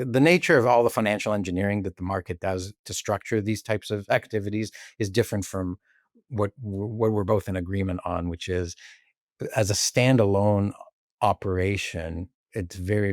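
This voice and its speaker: Low-voiced measured man, dry sound. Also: no room sound. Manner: measured, thoughtful, with restarts. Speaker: guest, Bitcoin author. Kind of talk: casual interview conversation.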